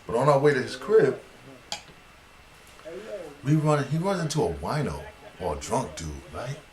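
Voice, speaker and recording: A man's voice: medium pitch, measured pace, echoey room. A man telling a funny neighborhood story in casual style, laughing and acting out voices. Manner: animated, laughs at own story, acts out voices.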